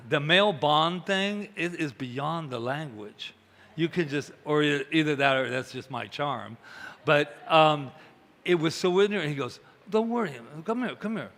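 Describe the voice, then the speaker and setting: A man's voice: a little high, measured pace. A man giving a chatty sermon, telling stories and acting out the voices of the people in them. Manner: chatty, animated, acts out quoted voices. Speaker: minister. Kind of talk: conversational sermon with storytelling. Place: church hall. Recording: reverberant hall.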